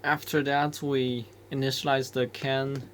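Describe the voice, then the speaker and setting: A man's voice: mid-range voice, flat delivery, a little slow, background noise. A man explaining microcontroller code step by step, thinking aloud with hesitant restarts. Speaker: embedded developer explaining code. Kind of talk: screen-recorded coding walkthrough.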